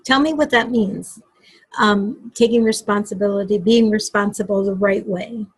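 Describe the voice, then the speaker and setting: Husky-voiced woman interviewer, affirming. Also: mid-range voice, fairly even intonation, normal speed, poor audio. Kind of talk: conversational interview.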